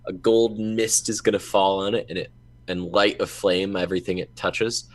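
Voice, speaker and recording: A man's voice: low-pitched, fairly even intonation, normal speed. A man playing a tabletop game, talking casually and joking with the table. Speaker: player.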